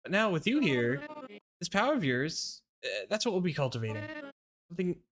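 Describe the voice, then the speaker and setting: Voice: mid-range voice, sing-song, brisk, fairly bright tone. A role-player voicing a witch teacher who begs for help with her coven's ritual, pleading one moment and coldly insistent the next. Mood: persuasive. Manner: begging, flustered, then coldly insistent. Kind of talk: tabletop role-play.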